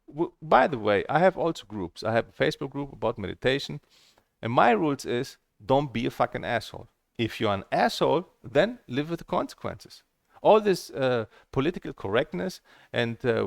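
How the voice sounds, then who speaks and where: A man's voice: fairly high pitch, sing-song, moderate pace, creaky, no room sound, clean studio sound. A man vlogging about a table tennis game in a heated, blunt and profane monologue, often repeating himself and restarting phrases. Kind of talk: casual ranting monologue.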